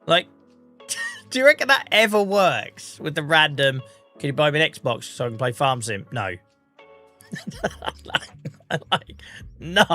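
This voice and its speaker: A chatty man from the UK with an English regional accent, a bit under the weather, talking on a live stream. His voice is bright and forward, with faint music playing behind him. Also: a little high, animated, slow, pauses often. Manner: chatty, laughs often, British slang. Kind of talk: casual live-stream chat.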